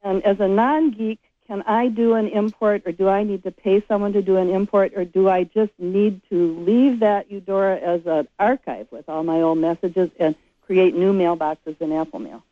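A woman's voice: medium pitch, moderate pace, no room sound. A female caller asks her question in a polite, earnest way. Her voice comes through a thin, tinny phone line and sounds dry.

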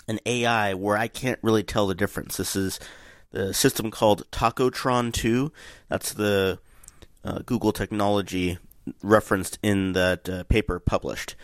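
Low-voiced guy explaining tech stuff on a podcast, lots of uhs, dry close sound. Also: no echo. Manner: explanatory, halting with fillers. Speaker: podcast co-host. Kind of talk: casual tech podcast chat.

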